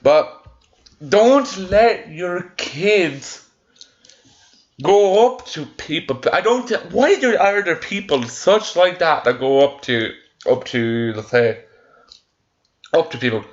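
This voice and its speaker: A man's voice: a little high, expressive, slow, pauses often, dull audio. A young man reading stories aloud and ranting about them, heated and full of swearing and restarts. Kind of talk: casual reaction rant.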